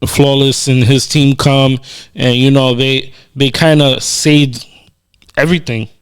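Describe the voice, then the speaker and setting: A man's voice: medium pitch, level tone, slow pace, smooth. A man co-hosting a podcast, talking in an earnest, reflective way with many casual fillers. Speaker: podcast co-host.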